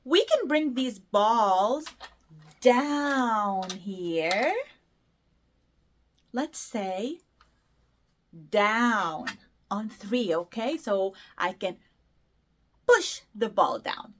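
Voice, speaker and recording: A young woman hosting a toddler lesson, talking slowly in an exaggerated, sing-song, encouraging way. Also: mid-range voice, animated, fairly bright tone, a little hiss or hum. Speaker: children's show host. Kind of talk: teaching toddlers through play.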